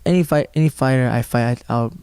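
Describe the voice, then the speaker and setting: A man's voice: mid-range voice, fast, a little mellow, clean tone, dry recording. A young man, a fighter, answering interview questions in a rambling, filler-heavy way at a gym. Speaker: mixed martial arts fighter.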